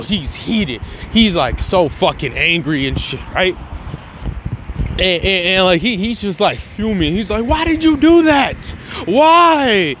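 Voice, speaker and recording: A man's voice: on the high side, fairly bright tone. A young man casually narrating a fan story as channel host, rambling and slangy with a lot of swearing. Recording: dull lo-fi sound with faint noise.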